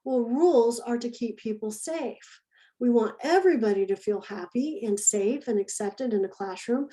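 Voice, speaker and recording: A woman's voice: fairly high pitch, dark tone, low-quality recording. A woman teaching early childhood education in a recorded lesson, talking in a conversational, demonstrative way and repeating key phrases.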